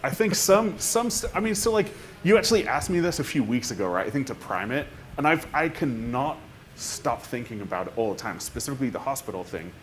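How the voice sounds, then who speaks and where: A man's voice: medium pitch, sing-song, brisk, slight background noise. A man speaking on a conference panel, thinking aloud with restarts and tag questions. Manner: thinking aloud with frequent restarts and "right?" tags.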